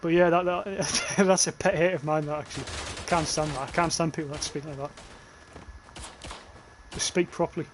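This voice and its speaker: A man's voice: fairly high pitch, steady tone, normal speed, noisy background. A young man with a Northern English accent, chatting casually and swearing while livestreaming a game and reading chat aloud. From northern England. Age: young adult.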